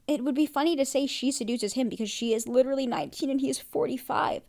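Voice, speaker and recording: Excitable woman host recapping a show. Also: high voice, fairly quick, hardly any pauses. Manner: excitable, reacts loudly with gasps and exclamations; chatty, many "like" and "um" fillers. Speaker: podcast host. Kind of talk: casual TV episode recap.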